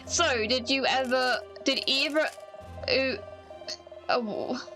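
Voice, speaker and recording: A woman's voice: sits high, slow, bright, forceful tone, faint music behind, exaggerated voice, low-quality recording. A woman voicing a chatty male reporter, attempting a British accent and stumbling through the lines as she reads them aloud. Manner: stumbling read-aloud delivery.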